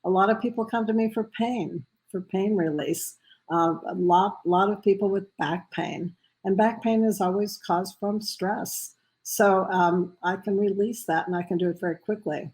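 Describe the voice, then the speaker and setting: A woman answering questions as a guest on a radio interview, halting with frequent ums and uhs. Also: medium pitch, steady tone, a little mellow, rough recording. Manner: hesitant, many ums and uhs. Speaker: guest, medical intuitive.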